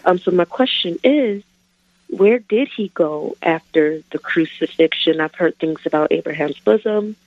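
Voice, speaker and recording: A woman's voice: on the low side, a little slow, no room sound. A woman calling into a radio program, asking a question hesitantly with many fillers. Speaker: caller. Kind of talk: phone-in question. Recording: dull phone-line audio.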